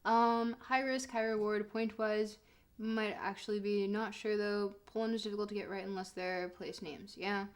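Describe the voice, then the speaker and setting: A woman streamer with a medium-pitched, fairly even voice talks at a moderate pace while she plays. Chatty and joking, she gives casual commentary and answers her chat directly.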